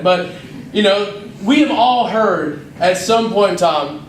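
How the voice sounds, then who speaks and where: A young man, a youth minister telling lively, self-mocking stories to a youth service. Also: sits high, normal speed, a little hiss or hum. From North Georgia, USA. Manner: lively, self-mocking storyteller who acts out scenes. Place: church hall. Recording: roomy hall, mic at a distance.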